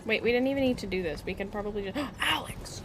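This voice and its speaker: A woman's voice: medium pitch, racing, noisy background. A woman streamer chatting casually and playfully while she plays a video game. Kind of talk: casual gaming stream chat.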